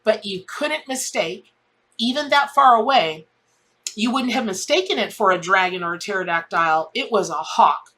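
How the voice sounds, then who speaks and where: Middle-aged woman reading tarot, mid-pitched, chatty and heartfelt, talks in loops with many restarts. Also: animated, moderate pace, pushed and bright. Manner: rambling, heartfelt, repeats herself and restarts often. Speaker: tarot reader. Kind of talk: casual spoken tarot reading.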